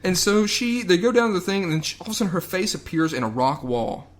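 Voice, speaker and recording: A man's voice: sits high, big pitch swings, fast. A man co-hosting a podcast, rambling and sarcastic as he recaps a movie. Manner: rambling, sarcastic, with loud mock quotes. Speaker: podcast co-host. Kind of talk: casual movie review chat.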